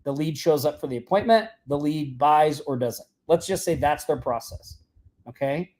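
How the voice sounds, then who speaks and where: A man hosting a live marketing show, teaching in a casual, energetic way and checking in often with "right?" and "okay?". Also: fairly high pitch, moderate pace.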